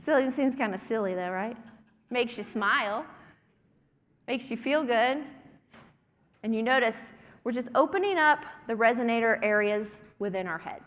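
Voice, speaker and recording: A woman's voice: a little high, lively intonation, moderate pace, long pauses, a bit bright. A woman presenter leading a group through breathing and humming exercises in an encouraging way, in a conference breakout room. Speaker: workshop presenter. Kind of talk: guided breathing and humming workshop. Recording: long hall reverb.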